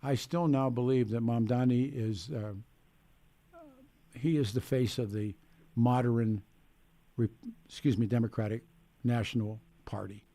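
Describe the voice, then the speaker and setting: A man with a gravelly, mellow voice hosts a radio talk show, circling through his points with restarts and asides. He is close on a studio microphone in a dry booth. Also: medium pitch, steady tone, unhurried, pauses often, no room sound. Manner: rambling, with frequent restarts.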